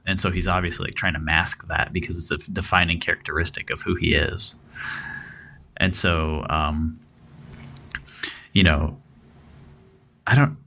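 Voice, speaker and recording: A man's voice: deep voice, bright, forceful tone. A man co-hosting a true-crime podcast, talking casually and rambling with lots of fillers and restarts. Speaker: podcast co-host.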